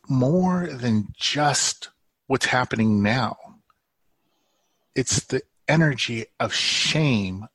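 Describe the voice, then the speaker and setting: A male therapist talks in an interview in a slow, reassuring way and often repeats his key phrases. His voice is gravelly with a husky edge. The sound is dry and close. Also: mid-range voice, a bit bright, no echo. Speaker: healing therapist guest. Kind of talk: interview conversation.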